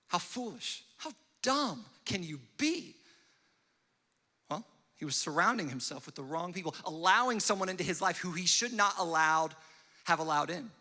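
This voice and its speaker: High bright-voiced young pastor in a hall. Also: male voice. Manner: storytelling with quick acted-out voices and asides. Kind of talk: sermon. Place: church hall.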